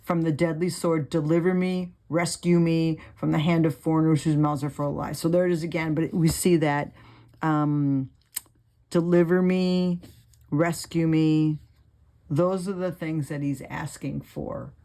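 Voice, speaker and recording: A woman's voice: deep voice, steady tone, normal speed, dark tone. A woman hosting a Bible study channel, reading verses aloud and then explaining them casually, thinking aloud with many fillers as she writes notes.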